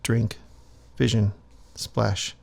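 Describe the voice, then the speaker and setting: A man reading his own comic aloud, narrating and adding relaxed, musing asides. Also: fairly low pitch, drawn-out words, gravelly. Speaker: comic author and reader.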